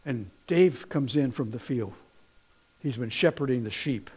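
A middle-aged man preaching a sermon in an animated way, swinging from quiet to loud, telling stories with folksy, playful asides. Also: mid-range voice, measured pace, slightly rough. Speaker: pastor.

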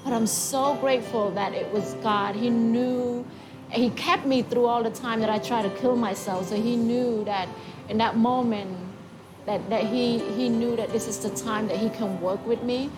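A woman with a fairly high voice tells her personal faith testimony. She speaks in halting, emotional phrases and often restarts. Music plays clearly behind her. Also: steady tone. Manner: halting, emotional storytelling with repeats.

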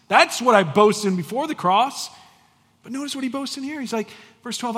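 Man, forties, pastor, sermon, high voice, emphatic and conversational, long hall reverb. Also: moderate pace, breathy edge. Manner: animated, emphatic preaching with conversational asides.

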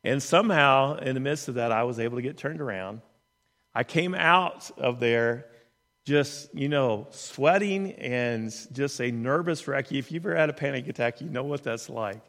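A man's voice: mid-range voice, moderate pace, a bit bright. Earnest man telling a story in a reverberant hall. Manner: earnest, conversational, with many restarts. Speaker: speaker telling a personal story. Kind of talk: storytelling in a talk.

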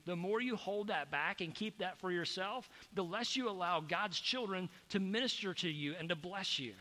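A man preaching a sermon as pastor, animated, acting out the voices of people he quotes. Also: high-pitched. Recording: echoey hall with long reverb.

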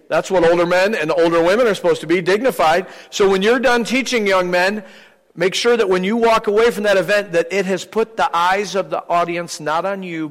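A middle-aged man preaching a sermon as pastor, lively and acting out the voices of people he quotes. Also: high voice, long reverb tail, low-quality recording. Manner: animated, acts out quoted voices.

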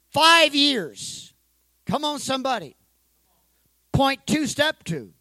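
A male pastor preaching an energetic sermon, calling for responses from the congregation and joking in between. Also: very high-pitched, no room sound, poor audio. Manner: joking asides.

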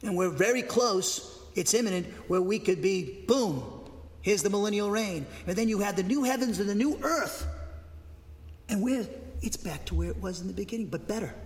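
A man's voice: high-pitched, lively intonation, moderate pace. An older man preaching a sermon, telling stories in a rambling, folksy way with sudden bursts of emphasis. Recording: long hall reverb.

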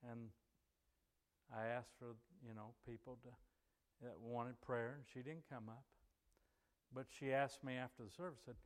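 Male pastor, folksy sermon, conversational storytelling, mid-pitched voice, long church reverb. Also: fairly even intonation, a little slow, pauses often. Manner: folksy, conversational, frequent "you know". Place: church sanctuary.

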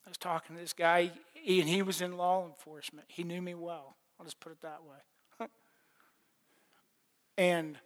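A middle-aged man delivers a sermon in a folksy, plainspoken way, circling back on his words and chuckling between points. His voice sits a little high for a man. The sound rings with the long reverb of a large hall. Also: level tone, normal speed, pauses often. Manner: plainspoken, folksy testimony with laughs and repetitions. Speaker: preacher.

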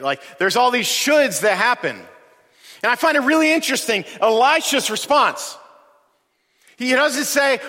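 A man's voice: extremely high pitch, lively intonation, moderate pace, bright, forceful tone. A man preaching a sermon as pastor, conversational, acting out the people he quotes. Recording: long hall reverb.

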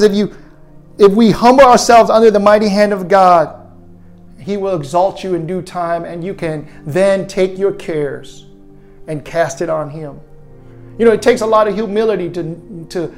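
A man preaching an earnest sermon to viewers watching at home, leading them in a spoken prayer. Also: high-pitched. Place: his own online broadcast to viewers at home.

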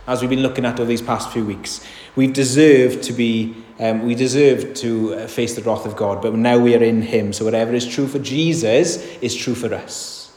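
Male pastor, mid-pitched, emphatic sermon delivery, roomy hall reverb. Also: darkish tone. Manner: earnest, emphatic, rhetorical questions. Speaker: preacher. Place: church.

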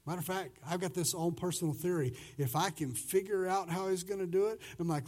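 High-voiced man preaching a sermon. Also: fast, hardly any pauses. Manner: conversational preaching, acts out quoted voices; swings between loud and soft. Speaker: pastor.

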